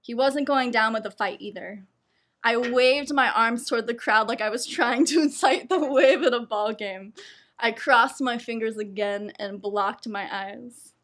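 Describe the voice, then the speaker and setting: A young woman tells a personal story for a live showcase. Her voice sits a touch high, and she keeps breaking into laughter as she pokes fun at herself. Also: a little slow. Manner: laughs often between lines, lively and self-mocking.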